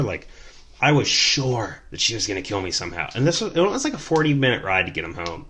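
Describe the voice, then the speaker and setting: A young man hosting a storytelling podcast, telling a tale in a chatty, animated way with many fillers. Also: mid-range voice, quick pace. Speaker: podcast host, rideshare driver.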